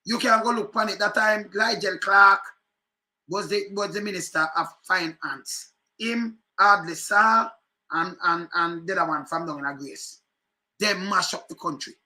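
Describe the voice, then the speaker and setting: A Jamaican man talks over political clips in loose, animated patois, circling back to repeat his points. His voice sits high and rings very bright and sharp. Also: moderate pace. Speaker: political commentator. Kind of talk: casual commentary on news clips.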